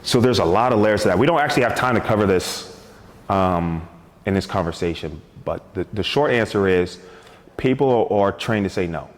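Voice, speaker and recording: A man's voice: lowish voice, normal speed, in a large hall, slight background noise. A man talking as a guest sales coach on a talk show, telling stories with energy and acting out both sides of sales conversations. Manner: energetic, storytelling, acts out sales dialogues.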